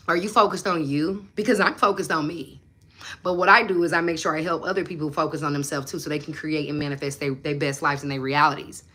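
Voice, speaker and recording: Blunt, bright-voiced woman preaching confidence. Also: low-pitched. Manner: blunt, profane, preachy and emphatic. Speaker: manifestation coach and livestream host. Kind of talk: casual livestream chat with viewers.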